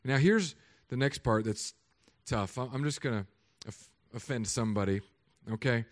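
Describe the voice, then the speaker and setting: A man in his thirties, a pastor, preaching a sermon with animated, humorous storytelling. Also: medium pitch, moderate pace, few pauses.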